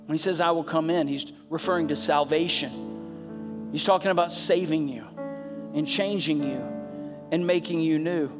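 Impassioned high-voiced male preacher. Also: moderate pace. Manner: passionate, rising to emphatic peaks; repeats phrases for emphasis. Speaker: pastor. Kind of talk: sermon. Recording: preaching over background music. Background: soft instrumental music.

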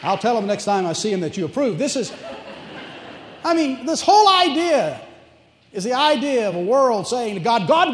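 A man with an East Tennessee accent preaching a sermon, animated and emphatic, asking the congregation questions. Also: high-pitched. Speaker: pastor. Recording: echoey church hall reverb.

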